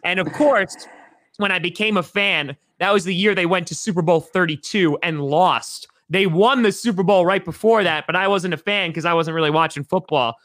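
An excitable man in his thirties from New York, talking as a podcast guest in a loose, rambling way. His voice sits high and bright, and the sound is close and dry. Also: normal speed, no room sound. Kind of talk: casual podcast chat.

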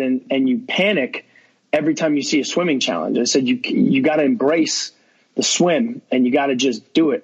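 A man's voice: fairly high pitch, breathy edge, lo-fi sound. A young man talking as a podcast guest, telling a long story in rambling casual chat full of fillers and quoted dialogue.

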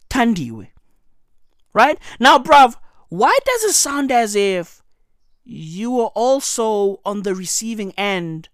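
A man's voice: sits high, a bit bright, no room sound, clean studio sound. A man giving profane, mocking satirical commentary on the news, full of slang asides.

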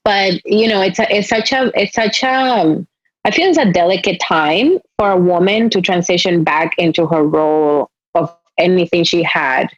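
A woman's voice: fairly low pitch, steady tone, normal speed, no echo, highs cut off. A woman with a Spanish accent hosting a podcast, speaking in earnest, reflective runs in casual interview chat. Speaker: podcast host.

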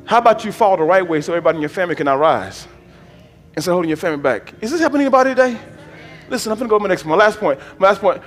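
A male preacher delivering a sermon. He swings from low murmurs to shouted, drawn-out exhortation and repeats phrases in a rhythmic preaching cadence. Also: very animated, big-room sound, soft background music. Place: church hall.

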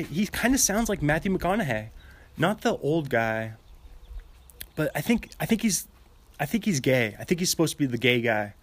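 A young man host chatting alone in a meandering way, laughing often and interrupting himself while pacing in an outdoor gazebo. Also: a little high. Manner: giggly, meandering, self-interrupting. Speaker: podcast host. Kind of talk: rambling solo chat. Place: outdoor gazebo, light drizzle. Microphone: walking while talking.

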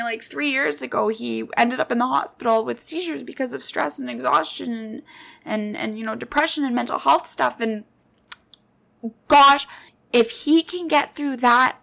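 A woman in her late twenties hosts her own podcast, speaking in a fairly high voice. She shares personal stories in an earnest, heartfelt monologue and addresses her listeners directly. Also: creaky, sharp tone. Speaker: podcast host.

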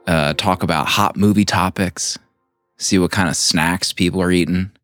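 A man's voice: low-pitched, fairly even intonation, moderate pace, a bit bright, faint music behind. A man hosting a casual podcast chat, playful and teasing, often laughing. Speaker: podcast host.

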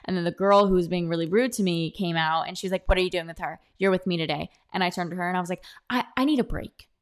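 Young woman podcast host, low-ish voice, casual anecdotal delivery, close mic. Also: rapid-fire, clear, resonant tone. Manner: chatty, animated, quotes others in dialogue. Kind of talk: casual storytelling monologue. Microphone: own podcast mic, close.

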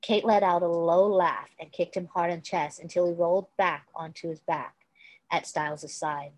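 A woman with a lowish voice reads fan fiction aloud in a casual, unpolished way. She trips over words and restarts as she goes. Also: steady tone, normal speed, darkish tone, no echo, low-quality recording. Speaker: reader.

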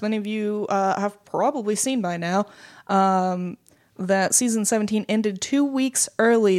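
A woman co-hosting a casual gaming podcast, reading out news and schedules with joking asides. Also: medium pitch. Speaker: podcast co-host. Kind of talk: casual esports podcast chat.

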